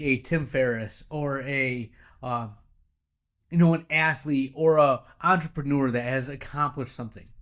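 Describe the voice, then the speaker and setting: A man's voice: on the high side, a bit bright. Chatty man telling a workplace story. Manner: storytelling, conversational, often says "right?". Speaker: podcast host, practice owner. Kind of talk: casual motivational monologue.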